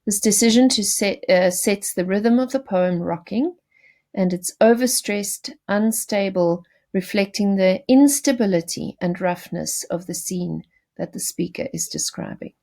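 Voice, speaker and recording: Slow-talking woman teacher explaining a poem. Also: mid-range voice, darkish tone. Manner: explanatory, addresses students directly; frequent fillers and self-corrections. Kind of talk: recorded lesson, poetry analysis.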